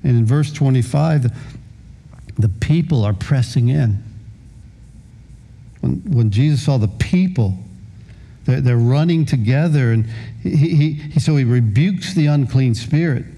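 A man's voice: mid-range voice, measured pace, vocal fry, pauses often, mellow. A man in his sixties preaching a sermon as a pastor, often repeating words as he starts a phrase.

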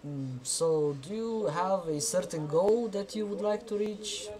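A man hosting a casual chat, opening with a lively, playful intro and then asking teasing questions. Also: sits high, measured pace, crowd noise. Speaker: host.

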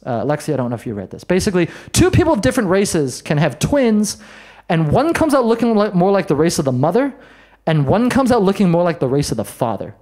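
A man doing a stand-up set in a comedy bar, brash and self-mocking, with quick asides to the crowd. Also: high voice. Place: comedy bar in front of a live audience.

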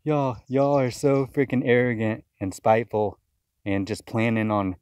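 A man's voice: mid-range voice, steady tone, normal speed, a little mellow, no echo, studio quality. A man giving a fiery, accusatory video sermon, often repeating words as he rants. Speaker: self-styled preacher. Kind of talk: impassioned video sermon rant.

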